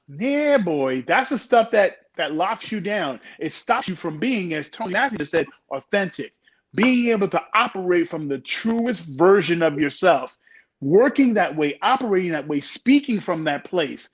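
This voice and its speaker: High-pitched guy on a podcast, emphatic, joking around, punches his words. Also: big pitch swings, normal speed. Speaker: podcast co-host. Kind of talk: casual discussion.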